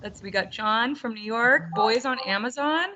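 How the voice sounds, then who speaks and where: Woman, webinar host, bright forceful tone, a bit high-pitched, upbeat, chatty, video call. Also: moderate pace, a little hiss or hum. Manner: upbeat and chatty, laughs often. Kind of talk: hosting an online teacher roundtable.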